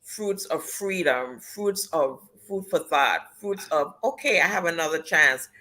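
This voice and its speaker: A woman's voice: low-pitched, animated, measured pace, bright, forceful tone, rough recording. A woman hosting a panel talk show, closing it out with effusive, repeated thanks and praise. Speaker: host.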